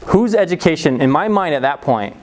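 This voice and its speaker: A man's voice: fairly quick, poor audio. A middle-aged man telling a personal story to an audience, acting out the voices with big leaps and laughing often. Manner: animated, acts out quoted voices with big pitch jumps. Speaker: speaker. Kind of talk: storytelling talk.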